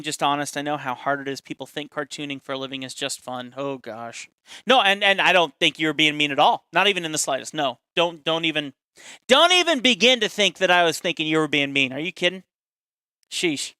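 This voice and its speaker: Guy narrating his drawing live, chatty and self-deprecating, smooth clear voice, dry close sound. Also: on the high side, normal speed, sharp tone, no echo. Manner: chatty and self-deprecating, narrating each step while reading chat. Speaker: caricature artist streaming a drawing session. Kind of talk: casual live-stream drawing demo.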